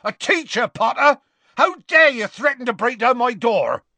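A huge, gruff, grumpy half-giant gamekeeper, voiced by a male storyteller, who growls, sulks and roars in an audiobook. His lines leap far above the reader's deep voice when he bellows. The sound is dry and close. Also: big pitch swings, measured pace, sharp tone, no echo, exaggerated voice. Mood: roaring. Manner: growling, roaring and sulky by turns.

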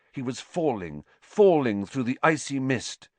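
A man narrating a story aloud with dramatic, expressive delivery. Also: mid-range voice, slow, hardly any pauses, no echo. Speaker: audiobook narrator. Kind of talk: scripted narration.

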